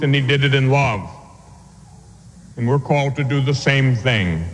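A man teaching the catechism in a radio sermon, reading scripture aloud slowly and deliberately. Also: mid-range voice, in a large hall, a little hiss or hum, rough recording. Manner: slow, deliberate reading and preaching.

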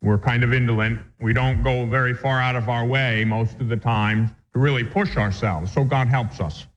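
Man, priest, catechism lecture, deliberate, earnest, echoey, lo-fi. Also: medium pitch, fairly even intonation. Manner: earnest, deliberate, reads text then explains. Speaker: priest teaching a catechism class. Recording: echoey dull lo-fi recording.

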